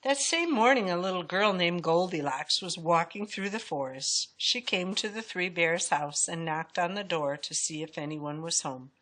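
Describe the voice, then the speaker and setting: A woman reads a children's storybook aloud in a lowish voice. Her delivery is expressive and swings up and down the way storytelling does. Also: moderate pace, hardly any pauses. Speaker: storybook reader.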